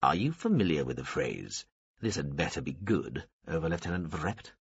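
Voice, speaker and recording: A man's voice: rumbling low, very animated, normal speed, breathy edge, dry recording, voice pushed down, full character voice. A man playing a cold, commanding tycoon. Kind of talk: audiobook character reading. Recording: dull lo-fi dry recording.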